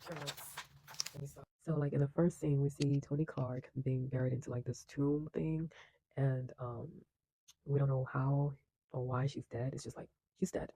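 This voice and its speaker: A man's voice: mid-range voice, fairly even intonation, normal speed, warm tone, a little hiss or hum, rough recording. A man casually retelling a film plot in a loose, chatty way, with lots of fillers and acted-out lines. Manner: acts out characters' lines with bursts of energy. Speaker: film reviewer.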